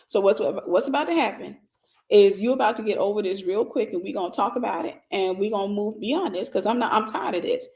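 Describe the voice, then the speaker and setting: A woman minister giving an animated teaching sermon, acting out scenes and speaking straight to her listeners. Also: mid-range voice, fairly quick. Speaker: minister and mentor.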